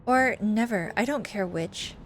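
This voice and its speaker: A woman's voice: medium pitch, unhurried, slight background noise, lightly acted. A woman doing a brusque, dismissive cousin. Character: curt, guarded young woman cousin.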